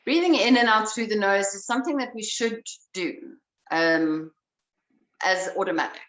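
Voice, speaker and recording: A woman breathwork instructor leading a guided breathing exercise, giving slow, calm instructions. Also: medium pitch. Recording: roomy sound, voice away from the mic.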